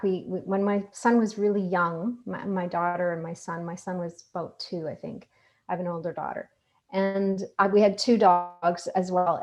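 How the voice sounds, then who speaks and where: A middle-aged woman speaking calmly in a self-help talk over an online call, building her points in repeated, list-like phrases. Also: medium pitch. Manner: calm, repetitive, list-like phrasing. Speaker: guest speaker. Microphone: online video call.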